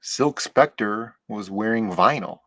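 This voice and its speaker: Male co-host, gravelly voice, dry room, quippy casual banter. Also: lowish voice, expressive, takes it slowly, fairly bright tone, no room sound. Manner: dry, joking quips. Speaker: co-host of a comics talk stream. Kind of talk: casual chat.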